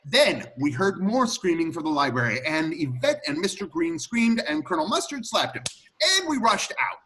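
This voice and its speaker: An excitable butler played by a man rattles through a murder solution in an amateur script read-through. His voice is bright and a little high. It leaps up and down as he explains. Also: moderate pace, slight background noise, heavily acted. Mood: animated. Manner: animated, theatrical explaining.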